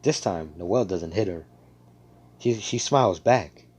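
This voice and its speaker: Low, mellow man rambling through a story. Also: a little slow, husky. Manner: rambling, full of fillers and swearing. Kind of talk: casual fan-story narration.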